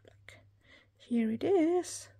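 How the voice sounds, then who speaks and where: A woman in her thirties chatting through an unboxing haul, gushing and excitable, often talking straight to her viewers. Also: high-pitched, very slow, gravelly. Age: 30s. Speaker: planner hobby vlogger.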